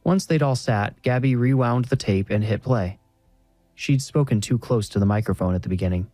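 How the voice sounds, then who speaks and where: Male horror narrator, low mellow voice, dry close sound, faint music under. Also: no room sound. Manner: measured, even storytelling.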